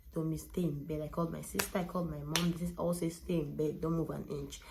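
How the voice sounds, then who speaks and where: A woman's voice: low-pitched, fairly even intonation, fast talker, gravelly, background noise. A young woman, candidly telling a personal story as a vlogger. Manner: candid, emotional, retelling with quoted dialogue.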